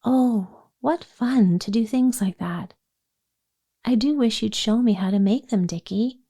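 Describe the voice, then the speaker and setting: Eager, kind little girl in a storybook, bright and lifted, voiced by a woman narrator. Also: fairly high pitch, measured pace, breathy edge.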